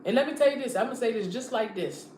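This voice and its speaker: A woman's voice: a little high, lively intonation, very fast, darkish tone. Woman live-stream preacher, fervent and repetitive, roomy echo, faint hiss. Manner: fervent, repetitive, direct address to viewers. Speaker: online preacher. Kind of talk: live-streamed motivational sermon. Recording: echoey room, faint background noise.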